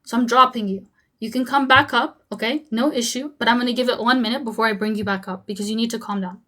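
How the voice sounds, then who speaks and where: A young woman with a fairly high voice hosts a live-streamed debate. She cuts across the other side with short repeated commands, then turns to speak frankly to her viewers. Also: fairly even intonation, quick pace, bright, forceful tone. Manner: frank, talks straight to viewers. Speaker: host and debater.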